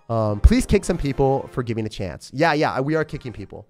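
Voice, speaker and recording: A man's voice: mid-range voice, animated, normal speed, darkish tone. A young man chatting casually and upbeat on a live game stream, rambling with lots of fillers. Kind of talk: casual live-stream chat while gaming.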